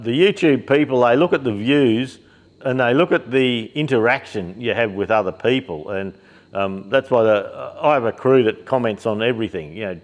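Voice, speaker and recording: A middle-aged Australian man, a shop owner, chatting casually to camera in his workshop shed, rambling and blokey with plenty of fillers and the odd swear word. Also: lowish voice. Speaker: shop owner and YouTube host.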